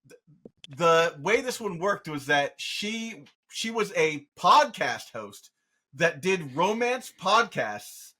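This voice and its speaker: A man co-hosting a podcast in casual chat, animated and joking with quick restarts. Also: sits high. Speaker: podcast co-host.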